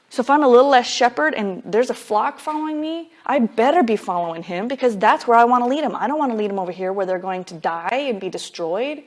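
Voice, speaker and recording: A woman Bible teacher giving a conversational sermon, casual and emphatic, dropping frequent "like" fillers as she explains. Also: a little high.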